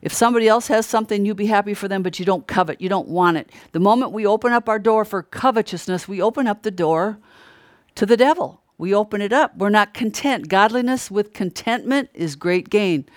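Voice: mid-range voice, brisk, no echo, clean studio sound. A preacher giving an earnest, emphatic Bible teaching, repeating key phrases and often restarting mid-sentence. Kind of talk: sermon-style Bible teaching.

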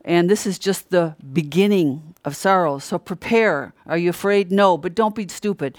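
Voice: mid-range voice, normal speed, no room sound, studio quality. A preacher giving an earnest, emphatic Bible teaching, repeating key phrases and often restarting mid-sentence. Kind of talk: sermon-style Bible teaching.

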